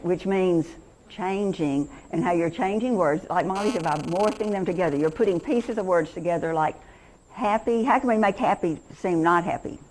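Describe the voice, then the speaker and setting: A woman's voice: lowish voice, moderate pace, darkish tone, slight background noise, rough recording. A woman in her sixties giving a chatty, encouraging workshop talk on reading to teachers and parents, with many restarts.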